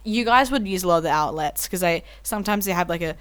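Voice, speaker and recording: A woman's voice: lowish voice, fast talker, fairly bright tone. A young woman, a podcast guest in casual chat, rambling and giggly.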